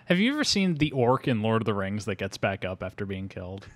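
A man's voice: on the low side, sing-song, normal speed, no echo. A man co-hosting a casual movie podcast, chatty and laughing often, with trivia asides. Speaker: podcast co-host. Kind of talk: casual movie-discussion chat.

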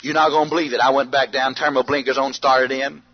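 A man preaching a storytelling sermon, animated, bursting into shouts and yells as he tells it. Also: medium pitch, quick pace. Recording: dull lo-fi archive sermon tape with faint hiss.

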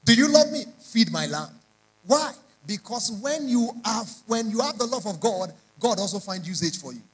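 Guy preaching, high voice, repeats stuff over and over, pushy sermon. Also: animated, moderate pace, slightly rough, low-quality recording. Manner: emphatic preacher, repeats lines in rising prayer chants. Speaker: pastor.

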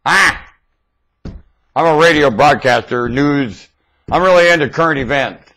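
A man talking into his webcam in a rambling monologue, theatrical and erratic, swinging from low mutters to excited shouts. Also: measured pace. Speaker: self-styled webcam broadcaster.

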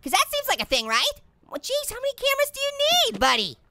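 A woman's voice: huge pitch swings, fast talker, creaky, background noise, exaggerated voice. A woman voicing a hyper, giggly cartoon orange who rambles and jokes through a let's play commentary. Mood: goofy. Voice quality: squeaky, bouncy, silly. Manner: rambling, joking, giggling at own gags. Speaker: gameplay commentator.

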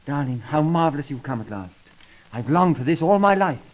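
A man's voice: on the high side, lively intonation, brisk, dull audio, close to an everyday voice. A man playing a lovesick young man-about-town in a 1930s comedy sketch, talking in a gushing, theatrical way on an old record.

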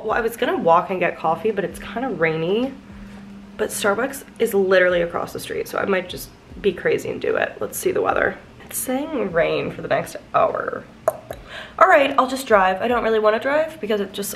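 A woman's voice: mid-range voice, vocal fry, a little hiss or hum. A woman in her twenties chatting casually to her camera as she runs errands, giggly and self-deprecating. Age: 20s. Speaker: vlogger. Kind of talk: casual vlog chat. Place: moving between indoors, car and street.

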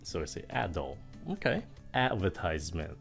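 A woman's voice: a bass voice, very animated, moderate pace, creaky, faint music behind. A Vietnamese woman hosting a casual pronunciation lesson, asking curious questions and reacting with surprise. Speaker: host, English teacher.

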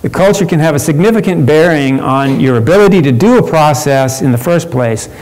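Guy presenting at a conference workshop, kinda high voice, lots of uhs and restarts. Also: animated, fairly quick, a little mellow, poor audio. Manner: conversational, with frequent fillers and restarts.

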